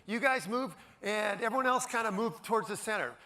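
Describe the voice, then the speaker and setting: A man from Denver giving a high-energy keynote, playfully ordering the audience around with quick commands. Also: very noisy. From Denver, Colorado. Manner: upbeat, playful, bossing the crowd with quick commands. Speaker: keynote speaker. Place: conference hall stage.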